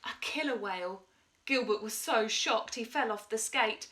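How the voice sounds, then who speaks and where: A woman teacher reading a picture book aloud to young children, with an expressive, animated delivery. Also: on the high side, normal speed, slight background noise. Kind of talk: storybook read-aloud.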